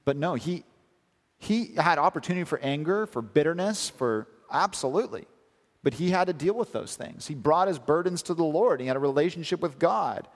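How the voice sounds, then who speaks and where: A man's voice: a little high, animated, normal speed. A male pastor preaching a sermon, reading scripture aloud and asking emphatic rhetorical questions. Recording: long hall reverb.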